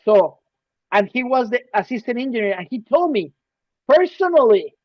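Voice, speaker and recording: A man co-hosting a casual podcast, emphatic and ranting, swinging between loud bursts and quiet asides. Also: extremely high pitch, expressive, a little fast, no room sound. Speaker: podcast co-host. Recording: dull, dry lo-fi sound.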